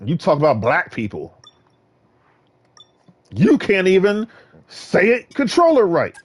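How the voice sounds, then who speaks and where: Man from Virginia, fairly high voice with wild swings; boastful, trash-talking gaming vlogger. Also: wildly swooping pitch, slow pace, breathy edge. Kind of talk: casual ranting monologue.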